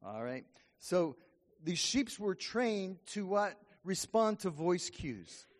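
A man's voice: sits high, sing-song, takes it slowly. A man preaching a sermon as pastor, in a folksy, conversational way, often checking in with the congregation. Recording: long hall reverb.

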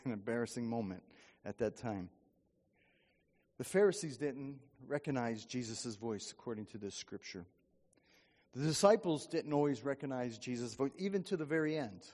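A man's voice: mid-range voice, a little mellow. A man preaching a sermon as pastor, in a folksy, conversational way, often checking in with the congregation. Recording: long hall reverb.

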